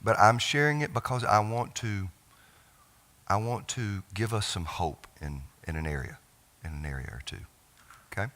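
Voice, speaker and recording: A middle-aged man, a pastor telling a personal family story in a sermon, with halting restarts and phrases that trail off softly. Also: on the low side. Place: church sanctuary.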